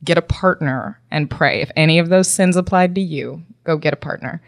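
A woman chatting casually, telling stories with lively acted-out quotes. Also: low voice, normal speed, no room sound, clean studio sound. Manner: animated storyteller, acts out quoted voices. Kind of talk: casual chat, storytelling.

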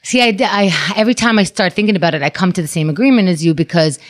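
A woman's voice: lowish voice, fast talker. A woman in casual chat, speaking frankly with hesitant restarts.

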